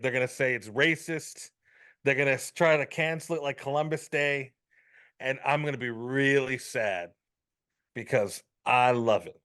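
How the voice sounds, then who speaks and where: A man's voice: mid-range voice, moderate pace, a bit bright. Man ranting on a wrestling podcast. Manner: ranting, joking and profane. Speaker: podcast co-host. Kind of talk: casual chat.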